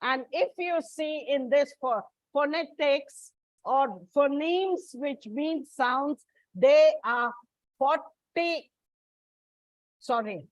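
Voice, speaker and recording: A woman's voice: sits high, drawn-out words, no echo, rough recording. A woman from India giving a classroom lecture as an English teacher, explaining step by step with frequent restarts and fillers.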